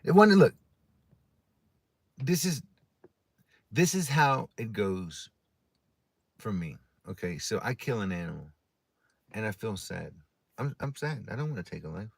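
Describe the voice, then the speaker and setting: A man's voice: on the low side, creaky, breathy edge, no room sound. A man on a livestream delivering a blunt, profane ranting monologue and telling stories. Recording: loud background noise.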